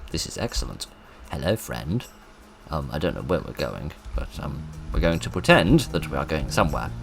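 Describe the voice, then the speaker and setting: Deep-voiced man doing game commentary. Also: sing-song, a little fast, creaky, music in the background. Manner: self-mocking, giggly. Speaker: gaming video host. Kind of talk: casual let's-play commentary.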